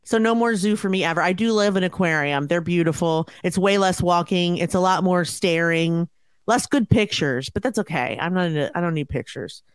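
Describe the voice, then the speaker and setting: A woman's voice: on the low side, a little fast, clear, resonant tone, dry recording. Blunt, dramatic woman co-host. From United States. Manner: blunt, profane, dramatic reactions. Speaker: podcast co-host. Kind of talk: casual chat.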